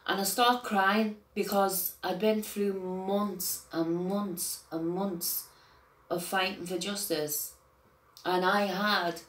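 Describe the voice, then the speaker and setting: An older woman and grandmother, telling an agitated personal account that swings between quiet and loud outbursts, with swearing. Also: on the low side, echoey room. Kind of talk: emotional personal account to camera.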